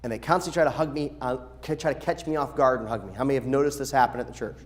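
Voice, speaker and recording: In a church sanctuary, a middle-aged pastor fires off practical instructions to the children's workers in rapid-fire fashion with a mid-range voice. His delivery is lively and animated, and he often mimics the voices of those he quotes.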